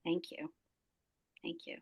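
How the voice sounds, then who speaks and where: A woman's voice: takes it slowly, rough recording. A woman moderating a webinar, politely asking the panel questions.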